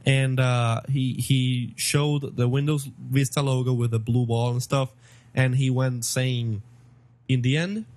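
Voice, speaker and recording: A man co-hosting a casual tech podcast, opinionated and quick with banter. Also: medium pitch, little pitch movement, darkish tone, a little hiss or hum. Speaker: podcast co-host.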